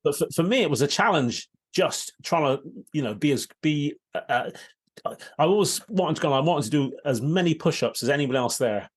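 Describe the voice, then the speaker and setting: A man's voice: a little high, expressive, moderate pace, slightly rough. A man hosting a casual interview, encouraging his guest with short agreements. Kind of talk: casual chat.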